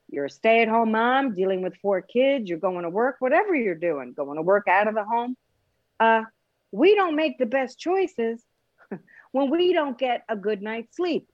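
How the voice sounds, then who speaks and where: Animated woman hosting a casual health talk. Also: on the high side, dry recording, highs cut off. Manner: animated and joking, acts out voices. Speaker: host, kidney stone prevention practitioner.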